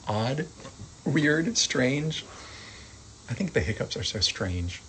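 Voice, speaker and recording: Male teacher, unhurried, repeats words patiently; faint hiss behind. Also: on the low side, rough recording. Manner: calm, repeats each word, gentle asides. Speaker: sign language teacher. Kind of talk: slow vocabulary lesson.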